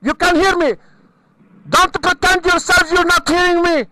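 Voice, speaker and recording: Very high-pitched guy screaming down a noisy phone line, furious. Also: fairly even intonation, normal speed. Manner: shouting, insulting, furious. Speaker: caller. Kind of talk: angry prank phone call.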